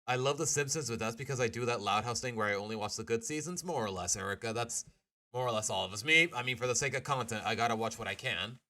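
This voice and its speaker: A man's voice: mid-range voice, quick pace, bright, forceful tone. A man streaming a casual comic reaction, exasperated and incredulous, firing off questions.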